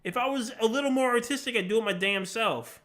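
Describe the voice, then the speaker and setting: A man's voice: very high-pitched, quick pace, fairly bright tone. A man chatting casually on a live stream, rambling and laughing often as he answers questions from chat while he plays.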